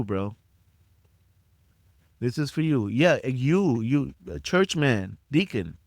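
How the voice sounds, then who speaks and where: This is a middle-aged man's mid-range voice, captured in a clean studio with no room sound. Alone on his podcast, he addresses listeners directly in a fervent, sermonizing rant, saying things again and again to drive them home.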